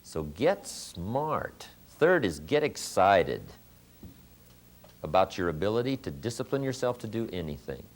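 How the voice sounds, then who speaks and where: A man giving a motivational seminar talk, telling stories with emphatic, punchy repeated lines. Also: low voice. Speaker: motivational speaker.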